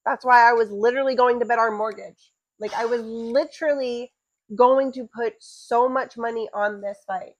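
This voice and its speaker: A young woman co-hosting a podcast, telling stories with animated energy and frequent swearing. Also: fairly high pitch, normal speed, no room sound, highs cut off. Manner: animated storytelling, often swearing and laughing. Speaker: podcast co-host, fighter's wife. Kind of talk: casual chat.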